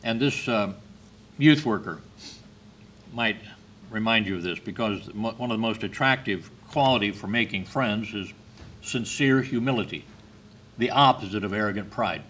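A man giving a sermon, telling stories in a slow, measured way with brief hesitations. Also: fairly low pitch, a bit bright, slight background noise. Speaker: preacher.

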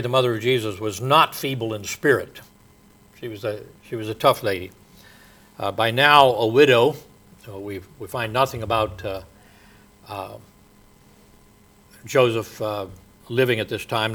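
A fairly low-voiced man delivers a sermon slowly and haltingly, filling it with pauses and fillers, and his voice softens as each phrase trails off.

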